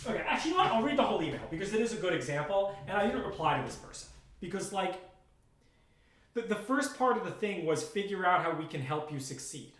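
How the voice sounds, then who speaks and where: A man's voice: high voice, lively intonation, fairly quick, a bit bright, echoey room. Blunt, exasperated man live-streaming. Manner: blunt, exasperated, rambling with restarts. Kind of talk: casual live-stream talk.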